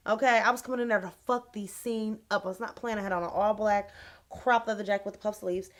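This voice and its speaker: A young adult woman, telling a casual, animated, slangy storytime on her vlog. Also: medium pitch, fast. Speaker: vlogger.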